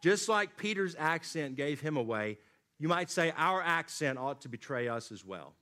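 A man preaching a sermon, swinging from loud emphatic lines to low, quiet drops. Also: very animated, moderate pace. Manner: dynamic preaching, rising emphatic then dropping low and quiet. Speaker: pastor.

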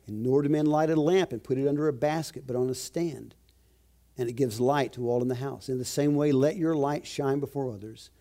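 Pastor guy preaching, mellow voice, punches the big words slow and high. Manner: emphatic, slows and rises to stress key phrases. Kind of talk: sermon.

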